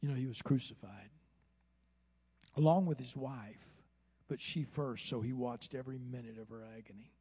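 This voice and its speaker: Husky male preacher, church sermon, quiet asides, loud drawn-out exclamations. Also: mid-range voice. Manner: swings from hushed asides to loud, slow, soaring exclamations. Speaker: pastor. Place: church sanctuary.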